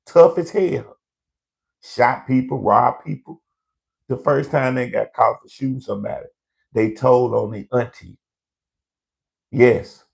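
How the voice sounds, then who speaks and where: A man's voice: mid-range voice, steady tone, a little slow, gravelly, long pauses. A man hosting a live comedy show, ranting in a brash, profane storytelling way to online viewers.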